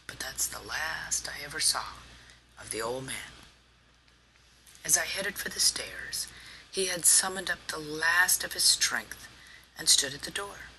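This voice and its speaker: A narrator reading a story aloud in a slow, hushed, often breathy way. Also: medium pitch, a little hiss or hum, poor audio.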